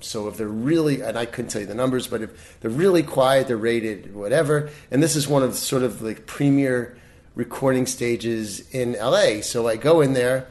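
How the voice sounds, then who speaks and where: A middle-aged man, a guest in a casual interview, telling stories in an animated way with many restarts. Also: mid-range voice.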